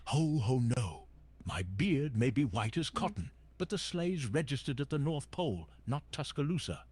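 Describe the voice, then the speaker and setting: A man's voice: medium pitch, sing-song, moderate pace, a little mellow, breathy edge. A synthetic male voice playing a jolly old Santa Claus chatbot, chatting cheerily in holiday wordplay. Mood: playful. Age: older.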